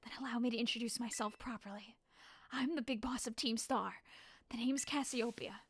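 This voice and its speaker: A woman reading as a quiet, shy young gang boss. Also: on the high side, fairly even intonation, moderate pace, husky, no room sound. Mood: solemn.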